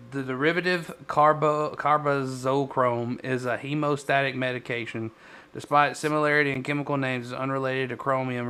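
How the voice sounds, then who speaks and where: A man co-hosting a casual political chat, animated and quick to chime in, stumbling when he reads aloud. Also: mid-range voice, smooth. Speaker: podcast co-host.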